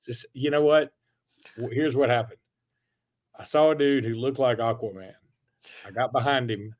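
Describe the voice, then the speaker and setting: A man's voice: mid-range voice, moderate pace. A man co-hosting a sports podcast, joking loosely and rambling with fillers, then reading sponsor ads in the same easy way. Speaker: podcast co-host. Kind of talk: casual sports talk with ad reads.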